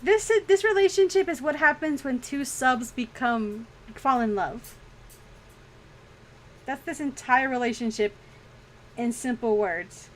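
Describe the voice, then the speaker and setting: A woman with a fairly high voice chats on a drawing stream. She is frank and laughs often, and she swears without a second thought. There is a faint hiss under her talk. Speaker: streaming artist. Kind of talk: casual chat during a drawing stream.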